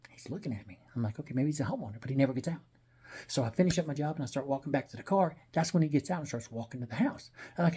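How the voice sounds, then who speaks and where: Fast-talking husky man. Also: mid-range voice. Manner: animated, blunt and profane, rambling asides. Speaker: vlogger telling a personal story. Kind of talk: casual storytelling monologue.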